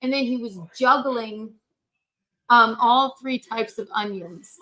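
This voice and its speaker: A woman's voice: a little high, slow pace, pushed and bright, low-quality recording. A woman hosting a casual livestream while she cooks, chatty and brash, gossiping and swearing freely. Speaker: livestream host.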